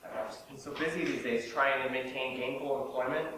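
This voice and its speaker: A man's voice: mid-range voice, fairly even intonation, a little fast, a bit bright. A man asking worried questions in a staged conversation. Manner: anxious, questioning. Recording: echoey room, mic at a distance, faint hiss.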